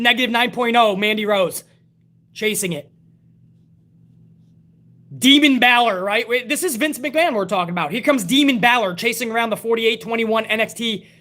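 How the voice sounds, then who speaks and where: A man hosting a live wrestling talk stream, reading chat messages aloud and ranting bluntly with lots of swearing. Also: very high-pitched. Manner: blunt, profane, animated rants. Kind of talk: casual live-stream commentary.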